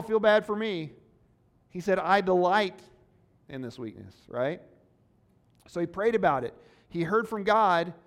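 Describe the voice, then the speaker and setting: A male pastor with a fairly high voice preaches earnestly and conversationally, posing rhetorical questions to the congregation.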